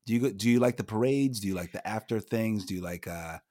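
A man hosting a podcast in a playful, animated casual chat, often restarting his sentences. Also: fairly low pitch, quick pace. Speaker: podcast host.

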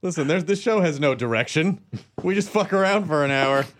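A man hosting a casual podcast, talking eagerly and fast. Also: a little high, animated, background noise. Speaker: podcast host. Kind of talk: casual chat.

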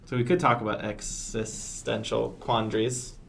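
A man's voice: medium pitch, level tone, normal speed, gravelly, a little hiss or hum. A man co-hosting a casual chat podcast, rambling and joking, often trailing off and restarting. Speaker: podcast co-host.

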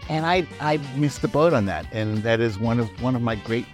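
A man talking as a guest on a podcast, telling stories in an animated way and laughing often. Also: medium pitch, fairly quick, faint music behind. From United States. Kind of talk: casual chat.

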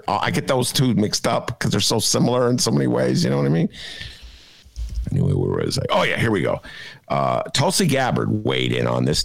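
A man hosting a casual political chat podcast, animated and laughing often as he talks. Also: deep voice, gravelly, dry recording. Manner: animated, laughing, breaks into quick impressions. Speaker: podcast host.

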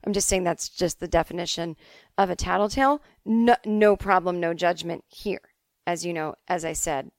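A middle-aged woman from the Boston suburbs hosting a podcast, telling stories in a casual, animated way and swearing freely. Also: on the low side, moderate pace, dry recording, clean studio sound. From Boston suburbs, USA. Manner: chatty, animated, swears freely, acts out quotes. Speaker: podcast host answering listener emails. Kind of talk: casual comedic storytelling.

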